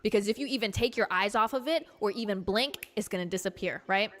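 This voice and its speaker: A young woman hosting a casual livestream, telling stories in an animated, chatty way full of fillers and swearing. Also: medium pitch, fast. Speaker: livestream host.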